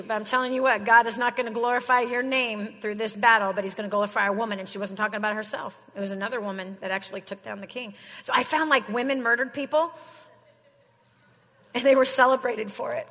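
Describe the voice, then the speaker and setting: Woman speaker, higher voice, slangy casual sermon, long hall echo. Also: fairly even intonation, quick pace, fairly bright tone. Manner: slangy, chatty storytelling. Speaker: Christian speaker.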